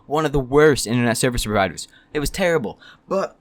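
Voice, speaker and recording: A man's voice: mid-range voice, fast, dry recording. A young man telling a casual storytime, rambling and swearing freely. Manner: profane, rambling and animated. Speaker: storytime YouTuber.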